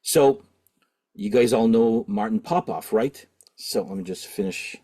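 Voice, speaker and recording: The middle-aged Canadian host of a record-collecting channel tells a rambling, casual story in a lowish, mellow voice, never rushing. He fills it with lots of fillers and restarts.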